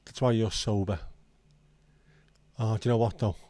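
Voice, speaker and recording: A man's voice: fairly low pitch, steady tone, moderate pace, dark tone, no echo. A middle-aged man chatting casually on his livestream, joking and answering viewers' messages. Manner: easygoing, jokey, responds to chat messages. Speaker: livestream host.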